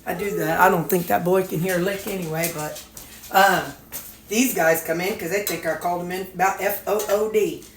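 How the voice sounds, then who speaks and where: A woman's voice: lowish voice, fairly even intonation, fairly quick. A woman vlogger cooking at home in a casual, folksy way, chatting to her viewers and dogs. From Missouri, USA. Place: home kitchen. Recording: echoey kitchen with sizzling skillet.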